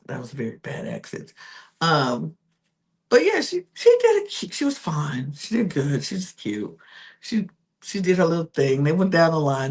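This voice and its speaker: Chatty woman with a lively, low voice. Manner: chatty, full of fillers and self-corrections. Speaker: podcast host. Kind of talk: casual reality TV recap.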